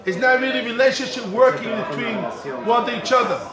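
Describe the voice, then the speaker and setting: High-voiced rabbi teaching in an echoey hall. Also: male voice, brisk. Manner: repetitive, emphatic, calls out to students. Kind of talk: yeshiva Torah class. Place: study hall with students. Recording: echoey hall with a crowd of students.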